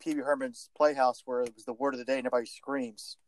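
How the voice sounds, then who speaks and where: A man co-hosting a podcast in casual chat, enthusiastic and quick to laugh. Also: medium pitch, little pitch movement.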